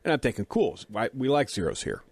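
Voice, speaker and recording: A man's voice: medium pitch, huge pitch swings, fast, gravelly, dry recording. A middle-aged man with a dry mouth, casually telling a self-deprecating story and acting out the dialogue.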